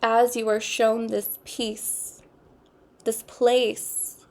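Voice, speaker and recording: Gravelly-voiced woman giving a tarot reading. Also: a little high, little pitch movement. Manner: unhurried, repetitive, earnest spiritual phrasing. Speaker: tarot reader. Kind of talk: intuitive tarot card reading.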